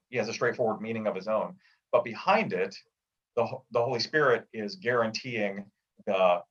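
A man with a slightly husky voice explains theology in a patient, lecturing way. He sits back from a dull-sounding mic, so he comes across a little distant. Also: fairly low pitch. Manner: lecturing, with clear examples and acted-out quotes. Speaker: theology professor guest. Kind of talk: explanatory conversation.

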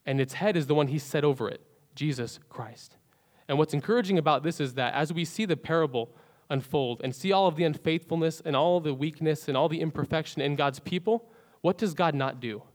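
A man preaching a sermon as pastor, rising to loud emphatic peaks and falling to soft, near-whispered endings. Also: a little high.

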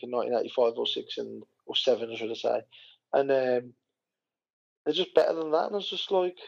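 Man, casual podcast chat, gravelly, rambling with fillers, slightly muffled sound. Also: mid-range voice. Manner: rambling, animated retelling with many fillers and restarts. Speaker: podcast co-host.

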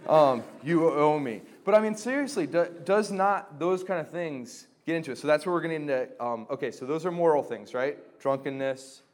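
A young man gives a casual teaching talk to a group about reconciling relationships, with a fairly high-pitched voice that moves fairly quickly and hardly pauses. He's chatty, uses lots of fillers, and acts out quoted conversations. He is a Christian formation teacher.

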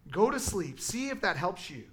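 Worried family member, as a male teacher puts him on, high voice, soft, casual. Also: big pitch swings, normal speed. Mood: pleading. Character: worried family of a distraught man.

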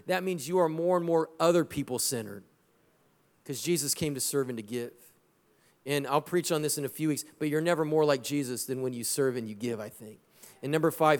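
Pastor preaching in an echoing church. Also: male voice, a little high. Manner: conversational preaching with personal stories and laughs; lively, exhorting. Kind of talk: sermon. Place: church sanctuary. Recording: long hall reverb in a church.

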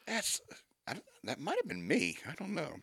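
A man's voice: a little high, huge pitch swings, moderate pace, vocal fry, a bit bright, husky, no room sound. Wry man reading news on radio. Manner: reads news items aloud with wry asides. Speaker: radio show host. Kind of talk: casual talk radio banter.

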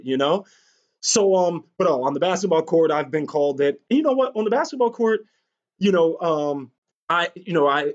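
A man speaking candidly in an interview, telling personal stories in a rambling way with frequent fillers and restarts. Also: fairly high pitch. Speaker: guest recounting personal experiences. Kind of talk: candid conversational storytelling. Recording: dull lo-fi recording.

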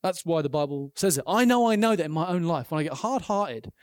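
A man preaching a sermon, earnest and animated, acting out the quotes in his stories. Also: fairly high pitch, brisk, smooth, no echo, studio quality.

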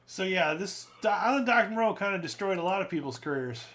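A man's voice: high-pitched, expressive, fast talker, fairly bright tone. A man in casual podcast chat, rambling and profane about movies. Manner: rambling, self-aware, profane.

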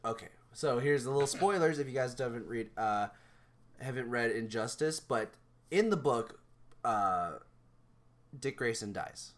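A young man in the middle of a casual podcast chat, his voice sitting at an ordinary pitch. He rambles in an animated way, restarting his sentences and piling on fillers as he goes. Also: unhurried. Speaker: podcast co-host.

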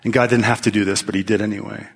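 A man preaching a sermon to a live congregation, speaking in an animated, emphatic way with frequent restarts. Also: fairly low pitch, very fast, slightly rough. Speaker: pastor teaching.

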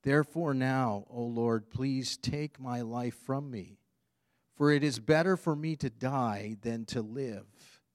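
A man's voice: medium pitch, slow, no room sound, studio quality, lightly acted. A man reading the lines of an angry, despairing prophet in a pleading, indignant tone.

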